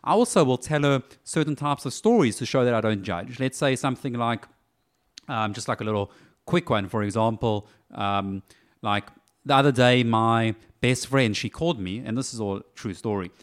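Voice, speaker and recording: A man who is a podcast guest and dating coach, explaining his methods step by step in a casual, animated way. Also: medium pitch, normal speed. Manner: animated, breaks points into steps.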